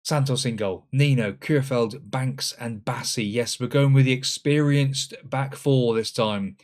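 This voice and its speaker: A man commenting on his own football management game, swinging between loud exclamations and muttered asides. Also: mid-range voice, measured pace. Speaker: gaming channel host. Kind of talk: let's-play commentary.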